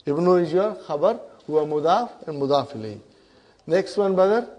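A man teaching an Arabic grammar class, coaxing students through exercises, repeating their answers and teasing them gently. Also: a little high, lively intonation, a little fast. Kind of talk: classroom lesson.

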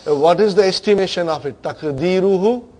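A man's voice: high voice, fairly quick, darkish tone. A man teaching a grammar class, questioning his students and checking in with them often.

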